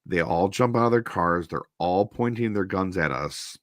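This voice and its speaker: At normal speed, a low-pitched Minnesota man spins a rambling anecdote for his stream, animatedly quoting and impersonating its characters. The sound is dry and studio quality.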